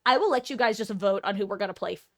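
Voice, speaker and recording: A woman's voice: mid-range voice, racing. Young woman, twenties, casual live-stream host; loose, chatty, self-deprecating.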